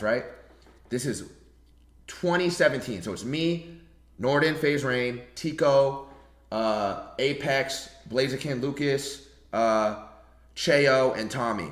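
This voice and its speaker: A young adult man, a streamer, telling a story in a casual, animated way, full of slang and cursing. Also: mid-range voice. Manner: animated, slangy, swears freely. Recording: roomy echo.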